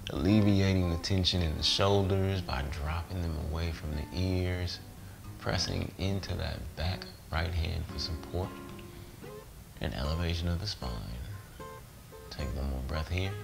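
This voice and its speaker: A man guiding a yoga class, relaxed and playful, sighing and joking between cues. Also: deep voice, unhurried, gravelly. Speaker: yoga instructor. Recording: music playing behind voice.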